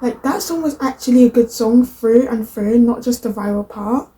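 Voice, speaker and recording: A woman's voice: a little high, normal speed, mellow, poor audio. A young woman, chatting in rambling asides as she reacts to clips. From Britain. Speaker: reaction video host. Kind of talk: casual reaction commentary.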